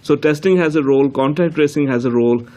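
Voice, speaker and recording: Measured man explaining at a briefing. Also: on the high side, dark tone. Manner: measured, explanatory, with frequent fillers. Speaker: chief medical health officer. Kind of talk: press briefing answer.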